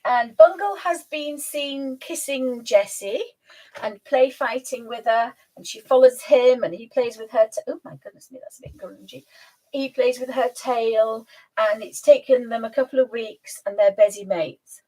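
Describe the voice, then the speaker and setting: Woman, host, casual live chat, high voice, mellow, coos at pet. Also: normal speed, low-quality recording. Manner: chatty, coos at her pet, laughs often.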